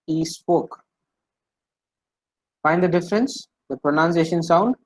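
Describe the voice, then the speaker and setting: A man's voice: a little high, lively intonation, a little slow, long pauses, no room sound, rough recording. A man teaching French in an online class, explaining patiently, repeating himself and using many fillers over a video call.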